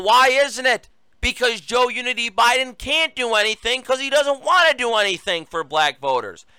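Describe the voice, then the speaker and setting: Male talk host, political monologue, sarcastic rant, bright sharp voice, dry close sound. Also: sits high, clean tone, no echo. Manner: sarcastic, ranting, addresses listeners as folks. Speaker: radio talk show host.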